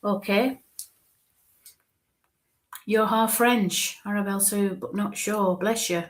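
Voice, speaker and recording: A woman giving a live mediumship reading. She speaks haltingly and repeats herself, stretches names out slowly and sometimes murmurs asides under her breath. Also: medium pitch, fairly even intonation. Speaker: spiritualist medium.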